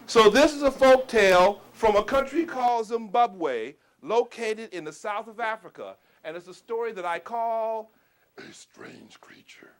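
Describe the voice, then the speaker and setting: A middle-aged male storyteller with a high voice and a wildly lively delivery. He swings from booming shouts to hushed asides as he tells a folk tale to a live audience, asking the listeners questions along the way. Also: moderate pace, hardly any pauses.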